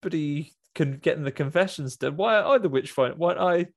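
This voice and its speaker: A man's voice: on the high side, fast talker, creaky, crowd noise. A man voicing a boorish, jealous male torturer who talks crude and sneering. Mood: resentful.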